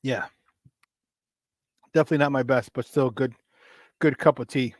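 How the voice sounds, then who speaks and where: A man's voice: moderate pace, no room sound, studio quality. Fired-up male sports show host. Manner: hyped up, shouting out viewers by name; swings between loud excitement and low, tired muttering. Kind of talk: casual morning sports talk show.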